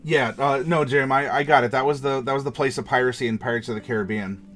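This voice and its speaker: A man's voice: medium pitch, fairly even intonation, quick pace, a bit bright, soft background music. A man hosting a casual tabletop game worldbuilding chat, talking loosely with many fillers and restarts. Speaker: game master and show host.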